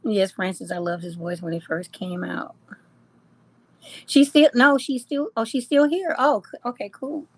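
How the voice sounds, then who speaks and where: A woman's voice: mid-range voice, steady tone, measured pace, no room sound. A woman hosting a casual live chat, reading comments aloud, teasing her viewers and laughing often. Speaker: livestream host.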